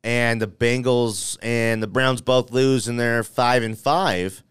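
A man hosting a sports talk show, playful and animated as he works through playoff scenarios out loud. His voice is smooth and resonant. The sound is dry and close to the mic. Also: mid-range voice, slow, no room sound. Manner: animated, playful, thinks aloud with restarts. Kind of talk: casual sports debate.

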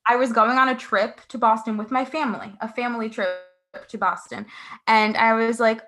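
A woman's voice: on the high side, fairly even intonation, normal speed. A woman in her twenties chatting casually on a podcast, rambling with many fillers. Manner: rambling, filler-heavy, laughing. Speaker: guest.

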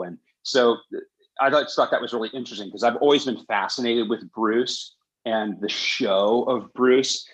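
A man's voice: medium pitch, moderate pace, slightly rough, poor audio. A man hosting a podcast, telling long digressive stories in casual chat. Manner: animated storyteller, digressive. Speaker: podcast host.

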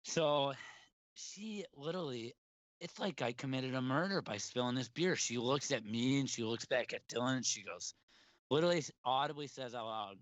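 A man's voice: mid-range voice, normal speed, a bit bright, no echo. Young man, rambling storyteller, laughs a lot, dry dull lo-fi sound. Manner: rambling, laughing, restarts often. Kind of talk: casual storytelling chat.

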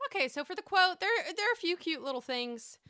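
A woman's voice: very high-pitched, expressive, quick pace, pushed and bright, no room sound, studio quality. A woman giving a casual, gossipy recap of a reality show and breaking into put-on voices when she quotes people.

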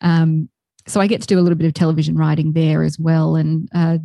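A woman's voice: sits low, level tone, fast, gravelly, dark tone, dry recording, studio quality. A woman with an Australian accent, a podcast co-host chatting casually as a guest and laughing often.

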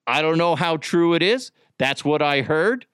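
A man in his thirties hosting a podcast, telling old radio stories in a rambling, profane, animated way with frequent restarts. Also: fairly high pitch, normal speed, clean tone, no room sound, studio quality. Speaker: podcast host, former radio producer. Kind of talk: casual storytelling.

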